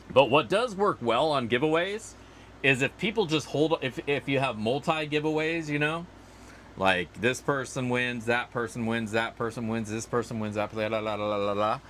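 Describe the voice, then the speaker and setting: A man's voice: mid-range voice, expressive, moderate pace, fairly bright tone, slight background noise. A man hosting a casual livestream outdoors, rambling and chatty as he answers viewer comments. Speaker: livestream host.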